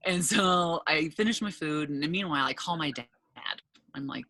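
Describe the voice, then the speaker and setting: A woman telling a funny story in a casual chat, animated and loud when she acts out quotes, swearing freely. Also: low voice, fairly quick, no echo. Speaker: podcast guest, cannabis entrepreneur.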